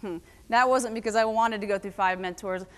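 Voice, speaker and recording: A woman giving a lively motivational talk to a live audience, telling stories and asking the crowd questions. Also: mid-range voice, a little fast. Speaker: keynote speaker. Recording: long hall reverb.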